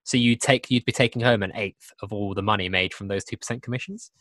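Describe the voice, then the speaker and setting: A man's voice: on the low side, fast, a bit bright, no room sound. A young man hosting a casual podcast chat, talking in repeated, self-interrupting bursts. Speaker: podcast host. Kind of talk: casual chat over a video call.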